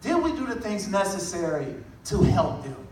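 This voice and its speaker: A man giving a motivational talk, telling a story with lively delivery and acting out the people in it. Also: sits high, moderate pace, very echoey, distant mic, slight background noise, poor audio. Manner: animated storytelling, acting out voices. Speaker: motivational speaker.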